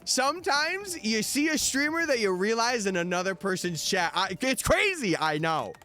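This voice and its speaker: Young guy streamer talking to chat, voice bouncing all over, kinda high. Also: sing-song, moderate pace, pushed and bright. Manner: chatty, reads out and answers viewer messages. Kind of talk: casual livestream chat. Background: faint background music.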